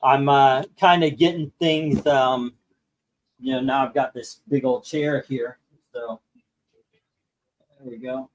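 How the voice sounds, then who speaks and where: A man's voice: medium pitch, steady tone, takes it slowly, long pauses, distant mic, poor audio. A man hosting a live comic book auction stream, chatting casually and rambling with many filler words. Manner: rambling, full of filler words, self-mocking.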